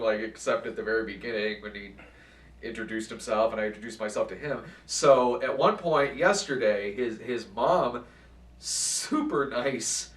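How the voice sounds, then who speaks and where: Man, casual storyteller, animated and swearing, voice from a distance, echoey room. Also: mid-range voice. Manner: animated, profane, acts out quotes. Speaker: channel host. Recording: echoey room, far from mic.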